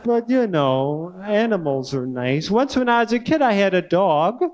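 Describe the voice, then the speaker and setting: A man with a high, reedy voice doing stand-up in a comedy club, speaking into a handheld stage mic. He drawls in odd, halting pauses and then jumps into sudden squeaky peaks. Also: animated, muffled recording, background noise. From northern United States.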